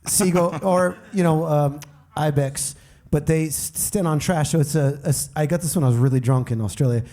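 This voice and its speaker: A man's voice: a little high, normal speed, mellow. A man chatting as a guest on a live podcast stage. He talks in a laid-back way and laughs easily. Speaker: guest musician.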